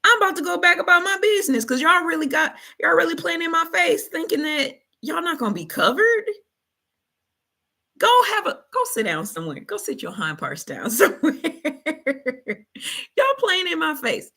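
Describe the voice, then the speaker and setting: Lady putting on an annoyed guy just woke up, scolding everybody, voice way up high and bright. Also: very animated, moderate pace, creaky, heavily acted. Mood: exasperated. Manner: slangy, scolding, exasperated. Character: exasperated man woken from a nap, scolding his friends.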